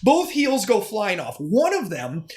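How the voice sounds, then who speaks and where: Male podcast guest, casual storyteller with a lively, swooping pitch and frequent restarts. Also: measured pace. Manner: animated, stammering restarts, swearing. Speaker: guest, former strip club DJ. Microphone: podcast mic.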